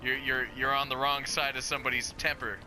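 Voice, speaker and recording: A man's voice: mid-range voice, flat delivery, fairly quick, sharp tone, faint music behind. A man in casual chat, laid-back and hesitant, swearing often. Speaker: podcast co-host.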